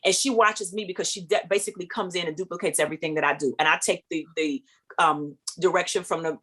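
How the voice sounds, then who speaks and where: A middle-aged woman, a singer, relating a story as an interview guest. Her telling is animated: she acts out each person she quotes and leaps up in pitch for the excited moments. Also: quick pace.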